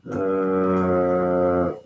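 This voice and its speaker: A man's voice: low-pitched, completely flat delivery, extremely slow, a little mellow, roomy sound. A man giving casual live fight commentary, emotional and hesitant as he thinks aloud. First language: Serbian.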